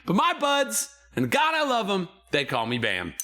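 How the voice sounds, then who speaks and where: A man's voice: high voice, huge pitch swings, moderate pace, pushed and bright. A man hosting and running a tabletop game, giving a sentimental, profane introduction. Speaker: game master and show host. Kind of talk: emotional show introduction.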